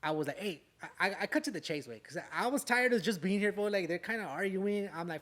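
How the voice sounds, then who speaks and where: A man's voice: sits high, fast, fairly bright tone. A young man from Southern California telling a story on a podcast in casual, profane street slang. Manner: profane, streetwise slang, tag words "way" and "fool". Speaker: podcast guest, rapper.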